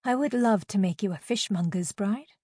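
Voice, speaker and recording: A woman's voice: medium pitch, normal speed, dark tone, slightly rough, no room sound, studio quality. A woman voicing a cruel, scheming noblewoman ruler who taunts in a sing-song way. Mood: sing-song taunting.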